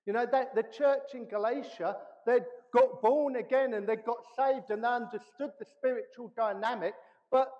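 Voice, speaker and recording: A man preaching a sermon as pastor, animated, acting out the voices he quotes. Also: extremely high pitch. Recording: reverberant hall, dull lo-fi sound.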